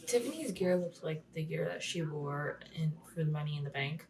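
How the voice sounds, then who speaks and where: A woman's voice: sits low, animated, normal speed, a little mellow, recorded from a distance, rough recording. A young woman talking through a casual vlog recap, chatty with lots of "like", often dropping to a whisper and swearing. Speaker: wrestling vlogger.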